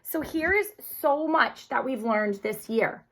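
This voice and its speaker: A woman teacher walks young children through a recorded spelling lesson. Her voice is bright and clear, pitched a little high. She speaks slowly and carefully and keeps encouraging them. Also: lively intonation.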